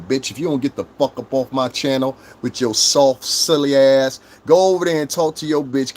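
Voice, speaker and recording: A man's voice: a little mellow, a little hiss or hum. A man hosting a livestream, delivering a profane, combative rant and berating the people in his chat. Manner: profane, combative, mocks chat commenters in high mimicking voices. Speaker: livestream host.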